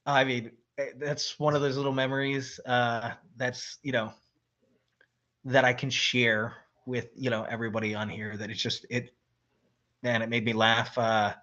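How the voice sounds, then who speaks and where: A man's voice: mid-range voice, moderate pace, dull audio. Laid-back man telling army stories. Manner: relaxed, laughs often, imitates friends mid-story. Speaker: guest, army veteran. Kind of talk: casual podcast storytelling.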